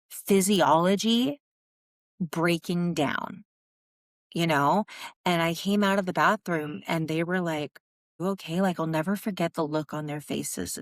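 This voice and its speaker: Woman podcast host, lowish pitch, dry close sound, raw and candid, swears freely. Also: dry recording. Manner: raw, frank, swears often. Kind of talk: candid personal monologue.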